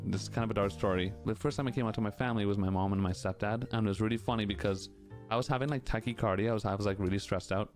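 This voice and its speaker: Low-voiced man rambling candidly. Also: fairly even intonation, very fast, soft background music. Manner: candid, rambling, full of "like" and "you know". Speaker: streamer answering chat questions. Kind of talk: casual chat.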